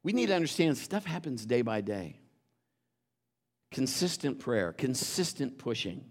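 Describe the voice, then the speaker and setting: A male preacher delivers a sermon, telling a story. His voice sits in a middle register and climbs into shouted exhortations. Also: medium pitch, very animated, unhurried, husky.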